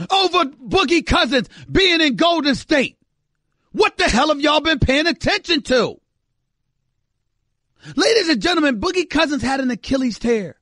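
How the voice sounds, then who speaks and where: Emphatic high-voiced sports radio man. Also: pushed and bright, no room sound, clean studio sound. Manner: emphatic, exasperated, repeats phrases for effect. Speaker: radio host. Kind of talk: sports talk radio monologue.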